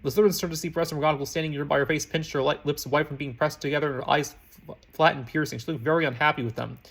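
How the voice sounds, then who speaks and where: A man reads a fan fiction story aloud at a very quick, rushed pace, frequently slipping and restarting words. His voice sits a bit high for a man, with fairly even intonation and a fairly bright tone.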